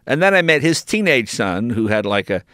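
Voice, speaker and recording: An older American man telling lively, laughing anecdotes as an interview guest. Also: medium pitch, moderate pace, dry recording, studio quality. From United States. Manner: animated anecdotes, laughing, jumping into voices. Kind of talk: casual storytelling in an interview.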